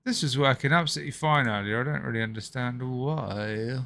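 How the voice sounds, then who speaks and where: A man's voice: mid-range voice, a little fast, creaky, sharp tone. A man hosting a live stream, chatting casually with viewers, muttering and swearing to himself and then apologizing. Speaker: livestream host.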